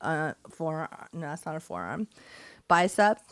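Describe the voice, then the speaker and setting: A woman co-hosting a casual chat podcast, playful and quick to laugh. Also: deep voice, very animated, clean tone, no room sound. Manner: playful, laughs often, tries silly accents. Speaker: podcast co-host.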